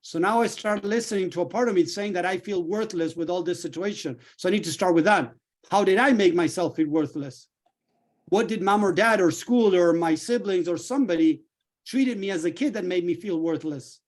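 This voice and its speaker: A middle-aged man coaching a group in a lively way, acting out little dialogues as he explains. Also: sits high, fairly quick. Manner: animated, acts out little dialogues. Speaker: healing coach.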